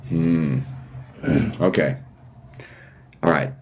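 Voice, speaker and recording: A man playing a character in a tabletop role-playing game, talking in a halting, earnest way with many restarts. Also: extremely low pitch, darkish tone, a little hiss or hum. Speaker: player.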